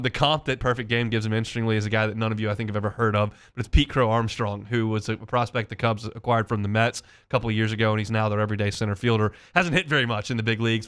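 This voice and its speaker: A man hosts a sports radio show, talking through recruiting news and player stats in a relaxed, conversational way. His voice is smooth and clear, sitting at an ordinary male pitch. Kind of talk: sports talk and live-read ads.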